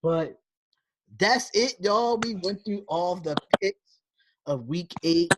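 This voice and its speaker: A woman's voice: on the low side, lively intonation, slow pace, a little hiss or hum. A woman hosting a casual sports podcast, loose and talkative, laughing often. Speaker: podcast host.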